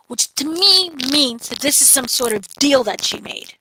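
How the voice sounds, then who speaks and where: A woman with a bright, forceful, rather high voice talks through an episode recap in loose, casual chat. She retells scenes with lively energy and slips into playful little voices. A faint hiss sits under the recording. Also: a little slow, few pauses, poor audio. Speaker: entertainment editor, co-host.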